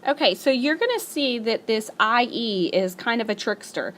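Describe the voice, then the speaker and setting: A woman teacher recording a spelling lesson as a voice-over for her class. She talks patiently and slows down to stretch out each example word. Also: on the high side, lively intonation, a bit bright. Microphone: screencast voice-over.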